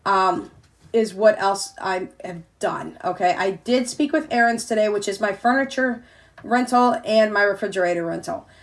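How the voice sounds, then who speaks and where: An older woman from Missouri talking casually to her viewers about her monthly budget, chatty and addressing them as "y'all", getting excited as she retells things. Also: medium pitch. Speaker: budgeting vlogger.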